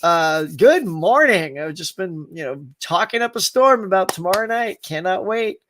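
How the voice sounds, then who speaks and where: A man with a high voice hosts a casual live stream. He laughs a lot, reads viewers' comments aloud and greets each viewer by name in a friendly, upbeat way. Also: animated, moderate pace, a bit bright, slight background noise. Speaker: host of a live stream show.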